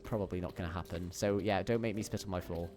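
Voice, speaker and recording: Young man, streamer, lowish voice, playful rambling chatter, faint background music. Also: steady tone, fast talker, a little mellow. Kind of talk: casual chat while gaming. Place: home bedroom.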